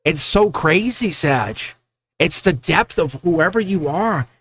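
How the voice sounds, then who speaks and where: A man giving a casual, rambling tarot reading, talking excitedly and directly to the viewer. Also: a little high, slow, slightly rough. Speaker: tarot card reader.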